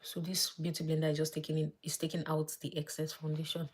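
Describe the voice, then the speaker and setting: Low husky woman chatting through makeup. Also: completely flat delivery, quick pace. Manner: chatty, thinks aloud, drops to soft murmurs while applying makeup. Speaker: beauty vlogger. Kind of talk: casual live makeup tutorial chat.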